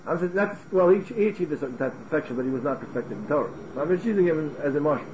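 A man teaching a Talmud class in an animated way, firing off rhetorical questions and restarting his words. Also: fairly high pitch, very fast, dull audio, noisy background. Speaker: Torah teacher.

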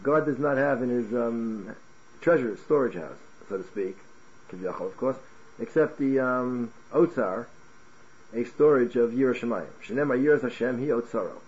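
Animated male Torah teacher, muffled. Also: mid-range voice, moderate pace. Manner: animated, asks rhetorical questions, restarts words. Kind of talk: Talmud class lecture.

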